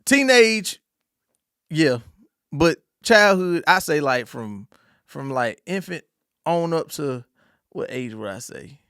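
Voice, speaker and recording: Gravelly young man with a North Carolina accent. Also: a little high, animated, slow, long pauses, fairly bright tone, dry recording, clean studio sound. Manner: drawling, easygoing storyteller with country slang. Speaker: podcast guest. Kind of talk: casual interview chat.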